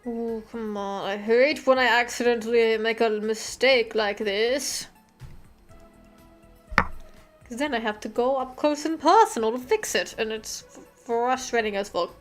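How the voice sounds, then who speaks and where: A young woman with an Australian accent and a slightly high voice chats on her live drawing stream. She swears often and mutters to herself as she works. Faint music plays in the background. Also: unhurried. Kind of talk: casual live-stream chat while drawing.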